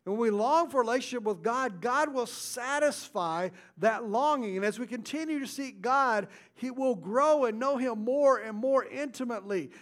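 Pastor guy w a pretty high voice preaching, goes loud then drops way down soft. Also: normal speed, hardly any pauses. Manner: swings between loud stresses and hushed asides. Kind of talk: sermon.

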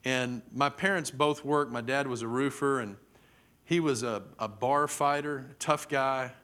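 Preacher, middle-aged man, sermon storytelling, mid pitch, dramatic delivery. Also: measured pace, fairly bright tone. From Texas. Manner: vivid, dramatic storytelling with acted-out quotes.

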